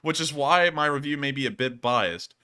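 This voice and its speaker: A man's voice: mid-range voice, moderate pace, smooth. A man hosting a casual livestream, joking and saying "y'all". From Alabama, US. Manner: joking, animated, drawling "y'all". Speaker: host.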